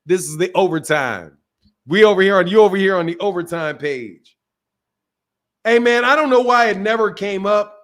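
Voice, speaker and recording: A man's voice: sits high, lively intonation, normal speed, fairly bright tone. A man hosting a live stream, chatting casually with callers in a loose, profane, teasing way.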